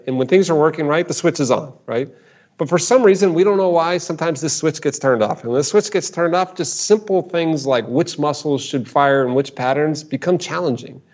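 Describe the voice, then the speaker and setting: A man talks through a story as the guest expert in a casual conversation. He repeats himself as he builds up each point and slips into the voices of people he quotes. The sound is muffled and lo-fi. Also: fairly high pitch. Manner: animated, repeats words, acts out quotes.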